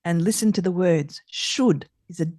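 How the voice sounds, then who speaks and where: A middle-aged woman therapist talking as a podcast guest, expressive and emphatic, repeating her key points. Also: on the low side, normal speed, dry recording, studio quality. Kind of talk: conversational podcast interview.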